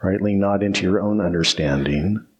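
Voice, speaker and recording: A man's voice: sits low, normal speed, dull audio. A man preaching a sermon as pastor, emphatic and repetitive, often asking "right?" and restarting phrases.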